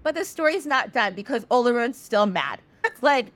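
A woman podcast host casually retelling a myth, animated, swearing now and then and jumping into the characters' voices. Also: a little high. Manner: animated, acts out characters' lines with quick voice shifts; swears casually and laughs while telling. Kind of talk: casual storytelling.

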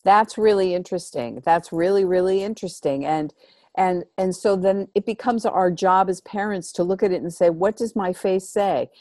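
A woman's voice: fairly low pitch, normal speed, a little mellow, no room sound, studio quality. A woman host in a podcast conversation, talking about parenting in an emphatic, instructive way and repeating her key phrases.

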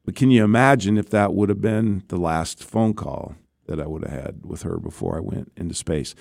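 A man's voice: deep voice, moderate pace, gravelly, darkish tone, no echo, studio quality. A man, a former astronaut, telling stories in an interview in a conversational way, often checking in with the listener. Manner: conversational, keeps checking in with "right?". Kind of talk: interview storytelling.

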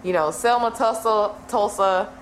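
A woman's voice: mid-range voice, measured pace. A woman co-hosting a podcast in casual chat, talking emphatically and repeating her points, with some profanity. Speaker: podcast co-host. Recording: echoey room with faint noise.

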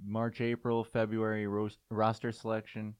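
Low-voiced man, matter-of-fact. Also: monotone, moderate pace, a crowd in the background. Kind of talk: casual chat.

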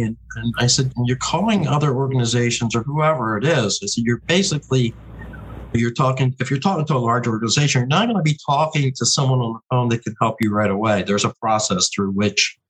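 A man's voice: medium pitch, husky, poor audio. A man running a veterans' charity, telling a story in a conversational way and acting out the people he quotes. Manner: animated, quotes callers in a raised voice. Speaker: founder of a veterans' charity fund.

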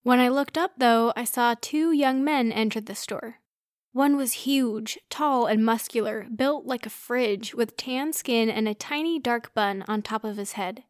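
A young woman narrating a first-person story in a steady, expressive way. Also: a little high, unhurried, no room sound, clean studio sound.

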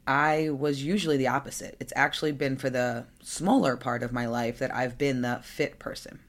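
A woman's voice: very deep voice, fairly even intonation, normal speed. A young adult woman hosting her own podcast, talking candidly and conversationally with fillers and asides. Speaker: podcast host. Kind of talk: solo podcast monologue.

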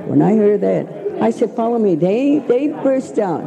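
An older woman reminisces in a chatty, rambling way, laughing at her own stories. Her voice has a gravelly edge. A crowd murmurs clearly behind her. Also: medium pitch, big pitch swings, measured pace, muffled recording. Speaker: interviewee. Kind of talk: reminiscing oral history.

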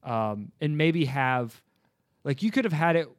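A man hosting a casual movie review chat, talking in a relaxed, rambling way and laughing often. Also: on the high side, measured pace, dry recording, clean studio sound. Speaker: podcast host.

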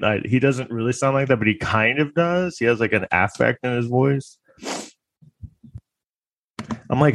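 A man's voice: on the low side, lively intonation, brisk, no echo. A man delivering a rambling, crude, sarcastic comedic monologue.

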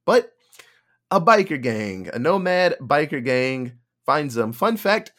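Animated man retelling a movie plot. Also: on the high side, slow. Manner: animated retelling with acted-out quotes and laughter. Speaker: podcast co-host. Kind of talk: casual movie review chat.

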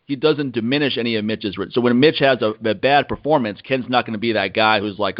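A man hosting a casual podcast chat, telling stories in an animated way and mimicking the people in them. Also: mid-range voice, fairly quick, hardly any pauses, no echo. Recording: dry, dull lo-fi recording.

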